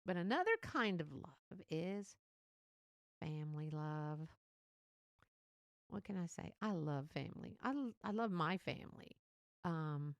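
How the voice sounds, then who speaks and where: A chatty woman rambles through her own podcast. She laughs often, and her pitch swoops up and down as she acts out little scenes. Her voice has a gravelly edge, and the recording is dry and close. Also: no echo. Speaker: podcast host. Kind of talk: casual monologue.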